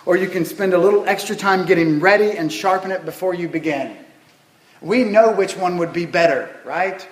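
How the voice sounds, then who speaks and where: A man's voice: high-pitched, echoey room, low-quality recording. A man preaching a sermon, telling folksy stories and asking the congregation rhetorical questions. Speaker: pastor.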